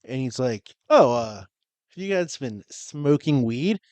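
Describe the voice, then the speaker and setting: A man's voice: mid-range voice, lively intonation, unhurried, a little mellow, no echo. A young man co-hosting a podcast, casually telling a profane story and laughing as he goes. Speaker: podcast co-host. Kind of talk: casual chat. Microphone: podcast mic.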